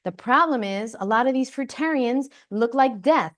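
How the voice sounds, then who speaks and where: A woman's voice: a little high, expressive, moderate pace. A woman hosting a casual livestream, talking brashly and playfully with plenty of swearing and chatting directly with her viewers on a close microphone. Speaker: livestream host.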